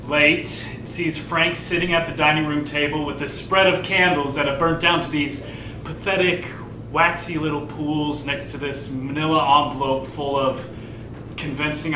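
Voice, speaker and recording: A man's voice: steady tone, moderate pace, close to an everyday voice. An actor playing a bitter, profane man telling a rambling, sardonic family story to a live theater audience. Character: bitter, foul-mouthed grown man confiding a family story. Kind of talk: live stage play monologue to the audience. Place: theater stage. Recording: echoey live theater, far from the mic, rumbling noise.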